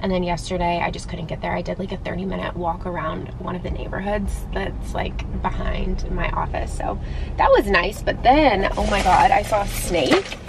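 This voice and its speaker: A woman's voice: lowish voice, moderate pace, gravelly, noisy background. A woman in her twenties, a nurse practitioner talking casually to the camera, chatty and venting with lots of fillers. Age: 20s. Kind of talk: casual vlog chat.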